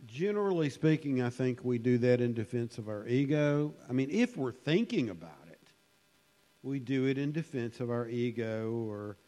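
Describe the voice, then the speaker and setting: A man preaching a conversational sermon in a church hall, musing and unhurried, with frequent fillers. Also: mid-range voice, a little mellow. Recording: long hall reverb.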